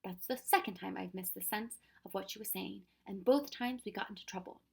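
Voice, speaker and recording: A woman's voice: medium pitch, brisk, vocal fry, husky. A woman voicing a kindly, fussy older male professor in a storybook reading, with old-fashioned exclamations. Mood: weary.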